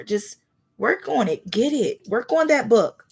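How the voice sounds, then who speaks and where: A woman's voice: a little high, very animated, unhurried, gravelly, a little hiss or hum. A woman tarot reader gives blunt, heartfelt advice in a live reading. Her talk is colloquial and preachy, and she acts out little scenes as she goes.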